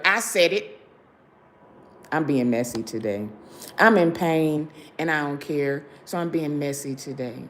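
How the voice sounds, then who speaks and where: A woman hosts a live stream while lying down in pain. Her voice sits a little low and she drags out each phrase slowly, stressing words. She keeps urging her viewers on. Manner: slow and emphatic, hyping viewers to like. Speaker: show host.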